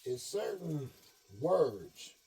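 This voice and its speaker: A man's voice: very slow, vocal fry, slightly rough. Man preaching with wild swings. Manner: preachy, animated, swings from shouts to low mutters; streetwise slang with cursing. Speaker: online speaker addressing followers. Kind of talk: preachy monologue.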